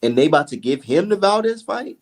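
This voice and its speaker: A man with a gravelly, slightly husky voice that swings widely in pitch. He talks boxing in a heated, profane, rambling way, like a co-host ranting with a friend. His voice sits a little high for a man. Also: sing-song, a little fast. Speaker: podcast co-host. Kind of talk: casual boxing chat.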